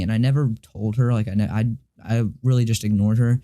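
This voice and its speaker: A teenage boy telling a personal story to camera, rambling and halting, with many restarts, fillers and casual swearing. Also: mid-range voice, fairly even intonation, mellow. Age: teens. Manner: confused and frustrated, swears casually. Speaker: vlogger.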